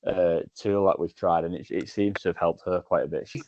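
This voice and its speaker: Deep-voiced man on a dull dry recording. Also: steady tone, brisk, darkish tone, no room sound. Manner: chatty, jumps in with anecdotes. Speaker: podcast host. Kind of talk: casual podcast conversation.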